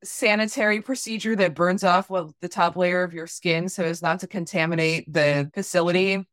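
A woman chatting on a podcast with a rambling, wry delivery and frequent restarts. Her voice is on the lower side and recorded dry and close. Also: steady tone, moderate pace, fairly bright tone, dry recording. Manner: rambling, self-interrupting, wry. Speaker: podcast co-host. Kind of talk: casual podcast chat.

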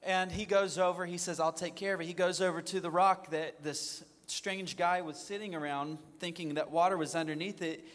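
A man guest recounts a story with lively, self-mocking humor. His voice sits a little high for a man. The recording carries a long, hall-like reverb. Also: moderate pace, few pauses. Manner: animated, self-mocking anecdotes. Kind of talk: storytelling in a conversation.

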